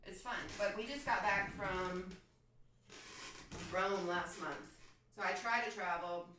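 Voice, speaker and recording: A woman's voice: medium pitch, slow pace, sharp tone, a little hiss or hum. A woman chatting casually and swearing with her viewers while she paints in her home studio during a livestream. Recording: echoey room from far off.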